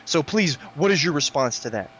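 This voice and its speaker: A man playing a bitter, tortured young man who rants loudly and swears. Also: fairly high pitch, expressive, a little fast, slight background noise, pitched above the performer's own voice. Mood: furious. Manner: loud, furious ranting with swearing.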